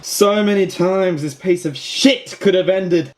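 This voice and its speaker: A man's voice: high-pitched, measured pace. A young Australian man giving comedic movie commentary, mocking and ranting with plenty of swearing. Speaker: film reviewer.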